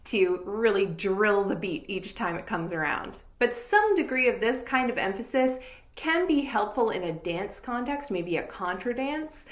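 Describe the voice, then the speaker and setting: A woman teaching fiddle, explaining in a clear and patient way and counting beats aloud. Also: mid-range voice, lively intonation, a little slow, echoey room. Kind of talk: instructional tutorial.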